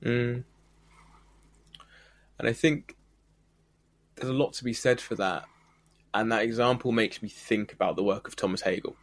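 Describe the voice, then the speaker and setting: Here a man with a medium-pitched voice talks at normal speed but leaves long pauses. He's co-hosting a reflective podcast, considering ideas thoughtfully and supporting them with examples.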